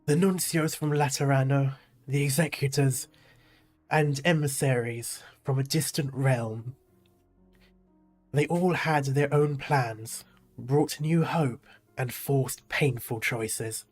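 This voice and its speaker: A man voices an aged, remorseful priest who speaks slowly and gravely, with a faint tremble in his delivery. His pitch sits in an ordinary middle range. Quiet game music plays underneath. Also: steady tone. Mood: solemn. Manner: slow, solemn reading with a slight shake. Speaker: game player reading dialogue aloud.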